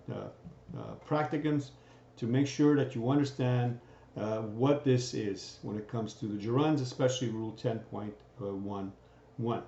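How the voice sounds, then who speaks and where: A man's voice: medium pitch, warm tone. A man teaching a grammar lesson in a recorded lecture, checking in with "right?" after most points. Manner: keeps asking "right?" to check understanding. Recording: dull, roomy lecture recording.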